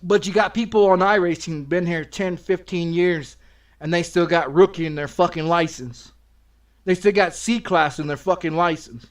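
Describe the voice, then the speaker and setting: A man's voice: sits high, moderate pace. A middle-aged man streaming games, ranting angrily and repeating himself, full of profanity. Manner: profane, aggressive, repetitive ranting. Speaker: game streamer. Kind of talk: angry streaming rant.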